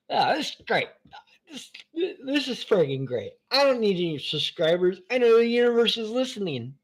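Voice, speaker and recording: A man hosting a live stream from his phone, rambling between topics in an excitable, profane way. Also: high voice, unhurried, long pauses. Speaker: channel host.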